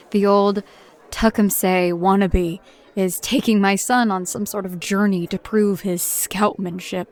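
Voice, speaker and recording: A woman's voice: medium pitch, darkish tone. An actress voicing a hardened middle-aged mother and paranormal agent, who tells her report in a blunt, grim, dry-humored way. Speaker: narrator of a recorded report. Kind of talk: audio drama monologue.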